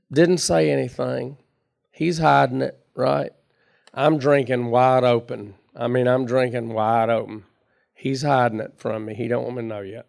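A man's voice: medium pitch, fairly even intonation, normal speed, vocal fry, a little mellow. A middle-aged man telling his recovery story in a folksy, chatty way, laughing at himself. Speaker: recovery meeting speaker. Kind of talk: personal storytelling talk.

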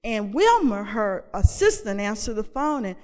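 A woman's voice: medium pitch, very animated, moderate pace, a little mellow. Candid woman storyteller in a reverberant hall. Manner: candid, conversational, repeats and restarts phrases. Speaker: speaker sharing her recovery story. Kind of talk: personal storytelling to an audience. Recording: long reverb of a large hall.

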